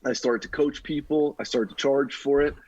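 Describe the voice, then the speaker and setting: A middle-aged man tells his own story on a podcast, lively and casual, calling the host "dude." His voice is slightly husky and sits at a mid pitch. The sound is dry and close, with almost no room. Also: moderate pace, no room sound, dull audio. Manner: energetic, talks like a buddy, says "dude". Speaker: podcast guest.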